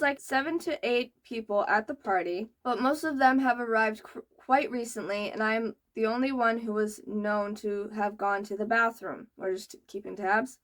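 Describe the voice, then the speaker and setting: Young woman reading posts out loud then going off on them, high and bright voice, super exasperated. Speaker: reaction video host. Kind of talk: reading and reacting to online posts.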